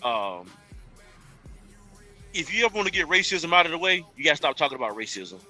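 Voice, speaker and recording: A man's voice: on the high side, big pitch swings, fairly quick, pushed and bright, soft background music. A man arguing his point in a casual podcast debate, emphatic and often restarting his sentences.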